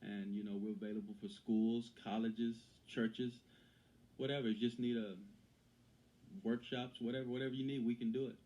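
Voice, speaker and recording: A man's voice: mid-range voice, little pitch movement, moderate pace, mellow, lo-fi sound. A man as an interview guest and author, talking earnestly in casual conversation, often repeating phrases and restarting.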